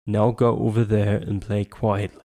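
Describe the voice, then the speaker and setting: A man's voice: lowish voice, level tone, measured pace, warm tone, lightly acted. A man voicing a stern, overworked father who scolds his son in a raised voice. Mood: angry.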